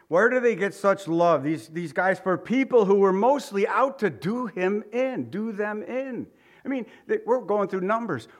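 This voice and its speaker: A middle-aged man preaching a verse-by-verse sermon in an earnest, emphatic way, with personal asides. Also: fairly high pitch. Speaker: pastor.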